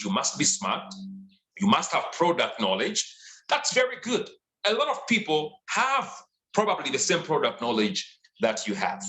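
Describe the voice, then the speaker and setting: A man delivers a motivational sales training talk, hammering his points with emphatic repetition. His voice sits high and swings widely in pitch. The sound is roomy, with a clear echo. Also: bright, forceful tone. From Zambia. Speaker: sales and leadership trainer, guest speaker.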